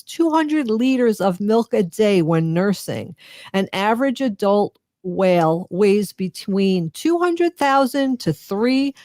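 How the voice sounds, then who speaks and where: A woman's voice: mid-range voice, darkish tone, dry recording, clean studio sound. A woman from Long Island with a Long Island New York accent, co-hosting a radio show and reading out fun facts with chatty asides. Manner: reads facts aloud with chatty asides and laughs. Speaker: radio co-host.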